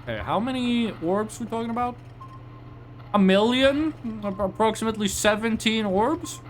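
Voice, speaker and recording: Lively chatty young man streaming. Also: sits high, moderate pace, a little hiss or hum. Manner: rambling, chatty, reacting to chat with frequent restarts. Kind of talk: casual live-stream chat.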